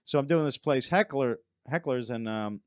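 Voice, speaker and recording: A man's voice: mid-range voice, moderate pace, clean tone, no room sound, studio quality. A middle-aged man, a stand-up comedian, telling long rambling anecdotes in a casual chat and acting out other people's lines. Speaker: stand-up comedian, podcast guest.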